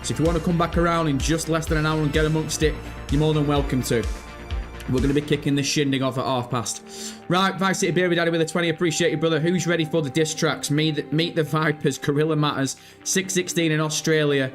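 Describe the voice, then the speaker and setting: A man's voice: a little high, steady tone, quick pace, music in the background. A man hosting a live stream, bantering with chat in hyped, slangy talk and reading out donations. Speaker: livestream host.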